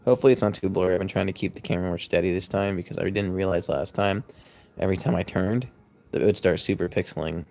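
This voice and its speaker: A man's voice: low voice, fairly even intonation, quick pace, creaky, darkish tone. Sleepy, chatty man on a livestream. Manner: rambling, chatty, answers viewer comments. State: sleepy, yawning. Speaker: livestream host. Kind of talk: casual livestream chat. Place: home loft. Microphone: phone camera.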